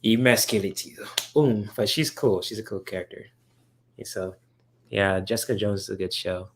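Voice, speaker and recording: A man's voice: on the low side, normal speed, a little hiss or hum. A man hosting a casual livestream, answering viewers' chat questions in a rambling, enthusiastic way with lots of fillers. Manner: rambling, filler-heavy, enthusiastic about comics.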